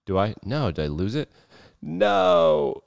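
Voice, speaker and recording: Low-voiced dude riffing on football bets, swears a lot, dry muffled sound. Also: male voice, lively intonation, slow pace, no room sound. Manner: loose, irreverent, swears freely. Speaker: sports betting show host. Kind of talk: casual sports talk.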